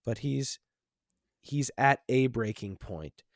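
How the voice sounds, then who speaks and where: Brief: male podcast host, mid-pitched, meandering and thoughtful, dry close-mic sound. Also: animated, takes it slowly, vocal fry, no echo. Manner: rambling, many restarts and fillers, reflective. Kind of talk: casual film discussion.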